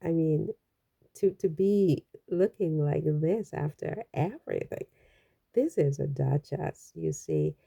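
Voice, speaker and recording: A woman's voice: deep voice, big pitch swings, slow pace, vocal fry, warm tone. A woman from the Caribbean giving casual, chatty and rambling commentary on a vlog, with frequent exclamations. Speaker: royal news vlogger.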